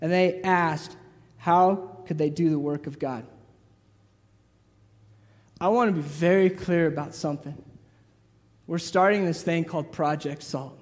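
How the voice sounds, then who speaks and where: A man preaching a sermon in a lively, casual way, acting out the voices of the people he talks about. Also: fairly high pitch, unhurried, long pauses, big-room sound. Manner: lively, acts out crowd voices, casual asides.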